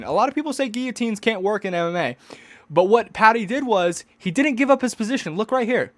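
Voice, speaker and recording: A young man in his twenties rambles through a fight recap in a high, light voice, stumbling and restarting mid-sentence and now and then bursting into mocking outbursts. The sound is dry and close, with no room around it. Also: expressive, brisk, fairly bright tone, no echo. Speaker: streamer recapping a fight event. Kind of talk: casual rambling commentary.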